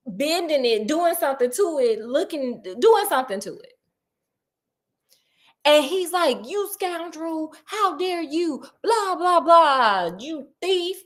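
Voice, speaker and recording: A woman retelling a story in a casual, chatty way, with digressions and laughing asides. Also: sits high.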